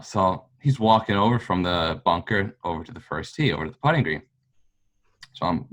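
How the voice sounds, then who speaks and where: A man's voice: deep voice, expressive, normal speed. A man, a golf fan, telling a long story in casual chat, rambling with lots of fillers. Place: local pub.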